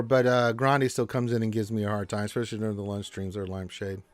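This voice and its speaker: A man's voice: fairly low pitch, little pitch movement, fast talker, no room sound. A man hosting a casual gaming live stream, joking and rambling with lots of restarts into a close mic.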